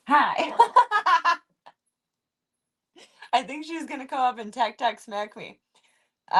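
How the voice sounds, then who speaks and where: A young woman streaming from home, chatting casually and baby-talking her cat, often dropping to a soft, hushed voice. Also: medium pitch. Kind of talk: casual livestream chat.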